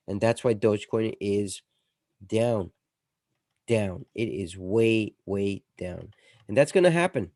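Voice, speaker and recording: A man hosting an investing channel, talking casually over his screen in a chatty way, going from loud emphasis to dropping quiet. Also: on the low side, no room sound, studio quality. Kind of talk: casual screen-share commentary.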